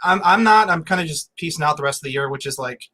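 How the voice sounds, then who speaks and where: A man's voice: fairly high pitch, expressive, fast, sharp tone. A man in his thirties, a guest author chatting casually with a loose, filler-heavy way of talking. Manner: laid-back, full of "like" and fillers. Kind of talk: casual chat.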